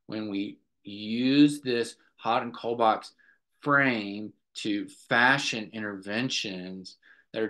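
A man's voice: fairly low pitch, fairly bright tone. A middle-aged man, a clinical director, earnestly recounting a therapy session to a group and often checking in with "right?".

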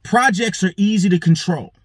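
A man's voice: high voice, moderate pace, breathy edge, no room sound. A man hosting a show, telling a story in a profane monologue and acting out the lines of the people in it. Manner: animated, swears heavily, acts out quoted lines. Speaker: show host.

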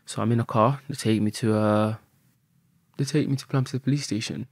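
A man, a podcast guest telling a story in an animated way and swearing often. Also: fairly low pitch, fairly quick, no echo, clean studio sound.

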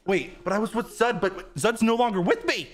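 A young man giving animated, goofy commentary while he plays a video game. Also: sits high, normal speed, soft background music. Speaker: gaming video host. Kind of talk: excited gameplay commentary.

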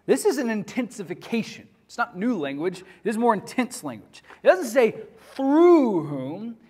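A man's voice: sits high, big pitch swings, fairly quick, a little mellow, husky. A man lecturing a class on church history in a conversational way, often asking the students questions.

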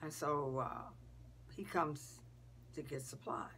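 A woman telling a story casually, dropping into breathy whispers and pausing with fillers. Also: low voice, a bit bright, a little hiss or hum.

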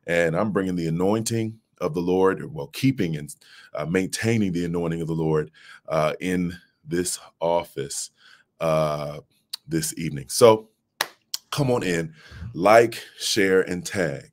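With a low, unhurried voice, a man in his late thirties delivers a livestreamed devotional from an office into his mobile phone. As a pastor, he speaks in a preacher's cadence and calls out to those watching.

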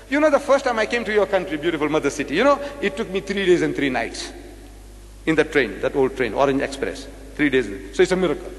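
A man's voice: a little high, big pitch swings, brisk. Rhetorical man in echoey hall. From South Africa. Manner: rhetorical, repeats questions to the crowd. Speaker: religious debater. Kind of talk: public lecture.

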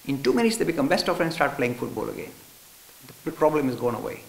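A man giving a lively storytelling lecture to an audience and acting out the characters in his stories. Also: mid-range voice, quick pace, gravelly. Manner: animated, acts out characters. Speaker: religious studies lecturer. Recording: roomy hall with faint hiss.

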